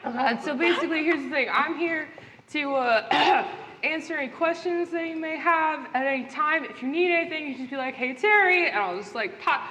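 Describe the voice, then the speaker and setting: A woman putting on a breezy, rambling male ghost who acts like an upbeat office liaison. His voice sits fairly high, and he chatters on in a stream of casual filler. It is heard live from a stage, with a long echo and faint hall noise behind it. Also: moderate pace, sharp tone. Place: live stage at a gaming convention.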